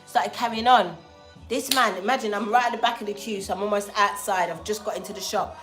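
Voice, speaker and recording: A woman telling a story casually to a livestream audience, animated and slangy, acting out the lines of the people in it. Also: mid-range voice, brisk, faint music behind. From England. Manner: animated, slangy, acts out dialogue. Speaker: spiritual livestream host.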